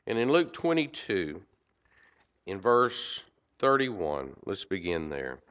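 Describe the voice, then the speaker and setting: A man preaching a sermon, swinging from loud emphasis to quiet asides. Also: low-pitched, sing-song, slow pace. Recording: dull lo-fi recording.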